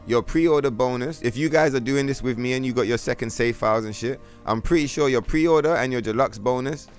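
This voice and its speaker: A man from London with a London accent, chatting bluntly and profanely as he streams a game, with trollish banter. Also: mid-range voice. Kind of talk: casual livestream chat.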